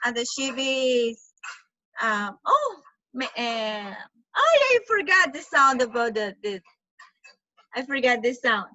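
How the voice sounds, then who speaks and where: A woman with a high, bright voice leads an online children's class over a video call. Her first language is Spanish, and she repeats words over and over and mimics animal sounds. The sound is dry and close. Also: sing-song, takes it slowly, long pauses, dry recording, highs cut off. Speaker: English teacher.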